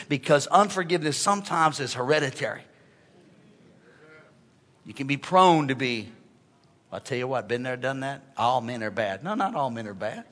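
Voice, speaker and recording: A man preaching a sermon as pastor, animated and joking, calling on the congregation to respond. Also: a little high.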